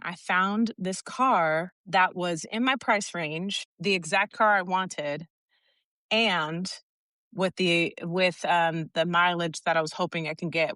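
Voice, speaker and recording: A woman with a fairly low voice tells a story on a podcast in relaxed, casual chat. She acts out what each person said as she goes. The sound is close and dry, with no room around it. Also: no echo. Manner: animated storyteller, acts out quotes, laughs often. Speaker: podcast co-host.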